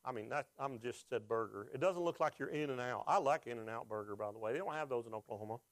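A man's voice: mid-range voice, quick pace, no room sound. A pastor preaching a sermon, asking the congregation questions and rising with emotion as he is moved.

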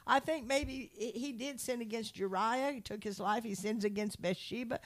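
A woman teaches from scripture in a relaxed conversation. She tells Bible stories with lively energy and acts out the characters' lines. Her voice sits at an ordinary middle pitch. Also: normal speed. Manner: animated storytelling, acts out quotes. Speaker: Christian speaker.

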